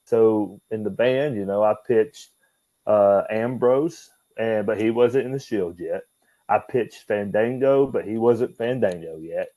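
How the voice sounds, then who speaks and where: A man's voice: on the low side, a little slow, dark tone, no room sound. A man who used to wrestle, talking as an interview guest in a loose, swearing style, laughing as he tells his stories. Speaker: guest, former pro wrestler. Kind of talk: casual interview storytelling.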